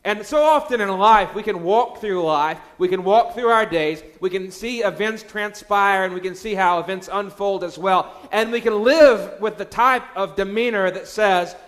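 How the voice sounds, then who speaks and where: A man's voice: sits high, moderate pace, few pauses, fairly bright tone. A man in his thirties, a pastor, preaching a sermon in a chatty storytelling way, with frequent fillers and restarts.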